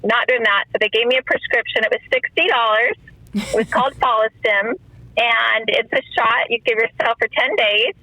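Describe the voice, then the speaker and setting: A middle-aged woman recounts her own story with feeling, slipping into the voices of the people she quotes. Her tone is bright and forward, and the recording is close and dry, with no room sound. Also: a little high, moderate pace, no room sound, low-quality recording. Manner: emotional storytelling, often quotes others in dialogue. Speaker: guest. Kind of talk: personal testimony in a podcast interview.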